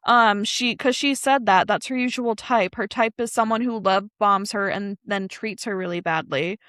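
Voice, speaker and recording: A woman's voice: medium pitch, moderate pace, a bit bright, no echo, studio quality. A woman co-hosting a podcast, chatting casually and animatedly about an anime episode, rambling with fillers and laughter. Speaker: podcast co-host. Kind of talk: casual anime recap chat.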